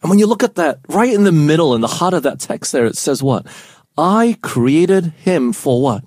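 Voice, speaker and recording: A man's voice: a little high, big pitch swings, quick pace, a little mellow, dry recording, clean studio sound. A man co-hosting a casual Bible study show, explaining verses and asking his co-host questions.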